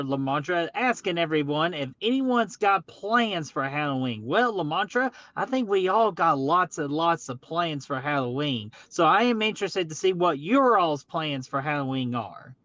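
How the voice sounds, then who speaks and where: A man's voice: fairly high pitch, fairly bright tone, no room sound, highs cut off. A man hosting a casual live stream, upbeat and greeting viewers in the chat one by one. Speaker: livestream host.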